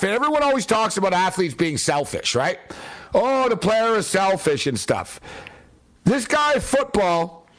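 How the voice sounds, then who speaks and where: A man with a high voice vents about football in a sarcastic, exasperated monologue. He talks bluntly and casually, like a fan commentator on his own show. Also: fairly bright tone. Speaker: sports commentator. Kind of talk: opinionated sports rant.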